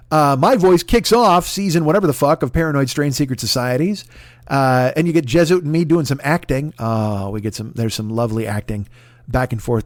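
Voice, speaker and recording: A man's voice: mid-range voice, a little mellow, no echo. A man in his forties hosting a podcast, talking casually with a profane, rambling, mock-boastful manner. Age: 40s. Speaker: podcast host. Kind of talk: casual comedic podcast plug.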